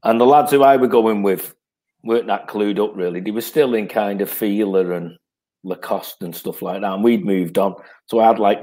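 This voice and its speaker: A man's voice: fairly low pitch, darkish tone. Chatty man in his 50s. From North West England. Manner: rambling anecdotes, laughing as he tells them. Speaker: guest. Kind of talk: casual chat.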